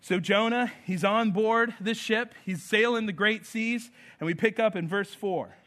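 A man in his thirties preaching a sermon, telling stories with lively acted-out voices. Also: high voice, a little slow, few pauses. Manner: storytelling, animated, acts out voices. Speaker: pastor.

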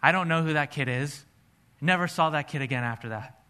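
A man's voice: fairly high pitch, brisk, bright, forceful tone, smooth. A man preaching a sermon, telling a personal testimony in an earnest storytelling way. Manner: earnest storytelling, acts out his own past dialogue.

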